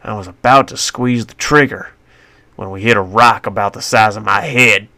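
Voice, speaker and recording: Man, folksy story narration, lowish voice, crisp and clear, dry close mic. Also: moderate pace, pushed and bright, no room sound. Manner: folksy, colloquial first-person telling. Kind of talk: scripted narration of an original western story.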